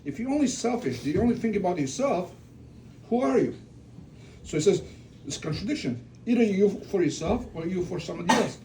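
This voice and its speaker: Speaking fairly briskly in a high, mellow voice, this man from Russia sounds animated as he eulogizes a relative at a family gathering. His talk is informal and religious, built on storytelling, restarts and rhetorical questions, captured from a distant mic with faint room noise.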